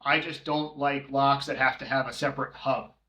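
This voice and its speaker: A man's voice: mid-range voice, fairly even intonation, normal speed, sharp tone. Casual man with roomy echo. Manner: rambling, many filler ums, listing prices. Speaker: co-host, short-term rental manager. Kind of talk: casual podcast chat.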